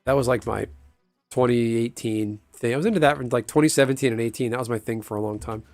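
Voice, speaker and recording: A man in the middle of an ordinary pitch range chats casually during a game stream. He rambles, swears freely and laughs often. His voice sounds dry and close, with faint music underneath. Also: quick pace, darkish tone, no room sound. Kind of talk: casual chat while gaming.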